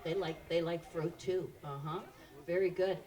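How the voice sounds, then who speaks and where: A woman's voice: lowish voice, fairly even intonation, normal speed, far from the mic, crowd noise. A woman presenting live animals to children at an outdoor park show, quizzing the audience in an upbeat way.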